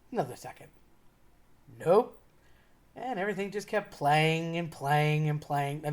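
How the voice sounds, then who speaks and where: A woman telling a casual personal anecdote in a chatty way, laughing now and then as she talks. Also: deep voice. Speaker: storyteller.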